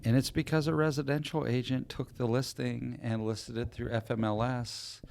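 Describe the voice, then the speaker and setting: A man co-hosting a casual podcast, telling an animated story in an easygoing chat. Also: medium pitch, moderate pace, creaky, slight background noise. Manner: animated storyteller acting out other people's lines. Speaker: podcast co-host.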